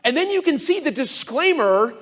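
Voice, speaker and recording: A man giving a conference talk to a live audience, sardonic and animated, full of fast asides and mock quotes. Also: very high voice. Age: older. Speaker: conference speaker.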